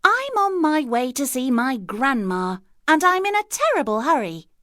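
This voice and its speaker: A woman voicing a trusting little girl in a storybook, speaking in a high, bright childlike voice. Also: sing-song, normal speed, no echo, clean studio sound, full character voice. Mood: eager. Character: little girl in a red cloak, eager and trusting.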